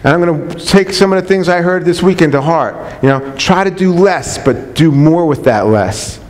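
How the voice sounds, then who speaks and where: A chiropractor delivers an unscripted, enthusiastic talk to colleagues in a slightly high voice at a moderate pace, repeating his points with earnest conviction and restarting sentences in a preaching tone. Long hall reverb fills the recording.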